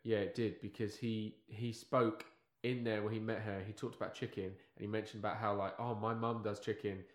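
A man in casual conversation, laid-back and quick to laugh. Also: fairly low pitch, little pitch movement, roomy sound. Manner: laid-back, laughs often, short agreeing replies. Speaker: podcast co-host. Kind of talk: casual chat.

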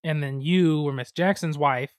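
A man from the United States, co-hosting a podcast, telling board-game stories in a lively, chatty way with sudden fast bursts. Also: a little high, no room sound, clean studio sound. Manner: animated storytelling, quick bursts of speed. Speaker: podcast co-host. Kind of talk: casual chat about board games.

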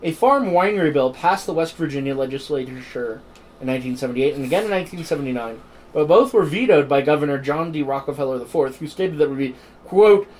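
This man talks quickly in a fairly high pitch, heard on poor audio with a little hiss or hum. Co-hosting a podcast, he mixes casual chat with reading history notes, cracking irreverent jokes along the way.

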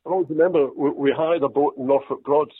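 An older Scottish man, an actor, telling self-deprecating stories in a relaxed interview. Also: on the high side, fast, breathy edge, dry recording. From Scotland. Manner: storytelling, self-deprecating, quotes others in lively voices. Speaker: actor guest. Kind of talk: anecdotal interview chat. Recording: dry tinny phone-like line.

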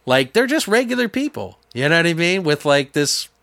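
A young man chatting casually about a movie, acting out scenes in squeaky voices and swearing a lot. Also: normal speed, creaky, dry recording. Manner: animated storyteller, acts out characters in high voices, swears a lot. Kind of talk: casual chat reviewing a movie.

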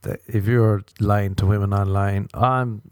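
An Irish man giving a crude, rambling comedic monologue with animated asides. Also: lowish voice, normal speed, dry recording, clean studio sound. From Ireland.

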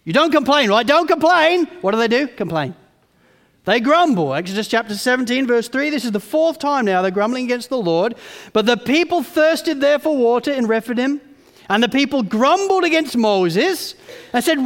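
A man with a very high voice preaches with lively emphasis. His tone is gravelly in places, and he puts on grumbling voices as he speaks. The sound rings out with a long hall reverb. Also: moderate pace. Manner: animated, acts out grumbling voices. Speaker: pastor. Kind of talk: sermon.

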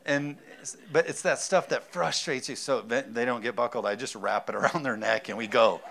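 A man in his thirties preaching a sermon, animated, laughing often and asking the congregation whether they are with him. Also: mid-range voice, brisk, vocal fry. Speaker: pastor.

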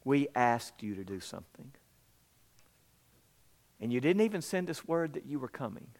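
A man's voice: mid-range voice, big pitch swings, moderate pace, gravelly, a little mellow. A man preaching a sermon as pastor, emphatic and repetitive, acting out the people in the story.

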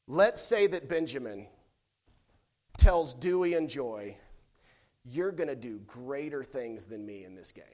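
Pastor, man in his 30s, higher voice, measured pace, playful storyteller turning fervent. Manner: storytelling with playful acted quotes, rising to fervent preaching. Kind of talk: sermon.

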